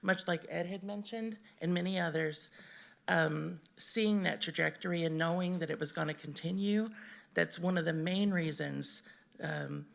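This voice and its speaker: A woman from Missouri giving an unprepared, emotional public comment at a city council meeting, halting with many ums. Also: lowish voice, vocal fry. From Missouri, USA. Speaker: resident speaking in public comment.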